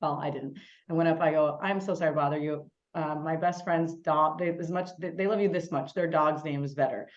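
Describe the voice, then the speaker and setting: A woman co-hosting a podcast, an animated storyteller in casual chat. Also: low voice, muffled recording. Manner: animated storyteller, quick and chatty. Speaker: podcast co-host.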